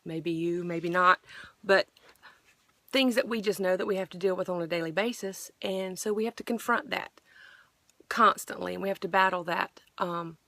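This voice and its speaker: A woman's voice: fairly low pitch, normal speed, pushed and bright, no echo. A middle-aged woman earnestly sharing a personal faith testimony, rambling with frequent restarts.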